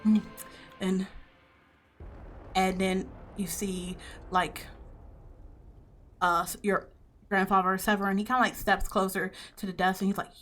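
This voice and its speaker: A woman's voice: medium pitch, level tone, a little slow, long pauses, fairly bright tone, soft background music. A woman narrating a tabletop game as game master, casual and full of fillers.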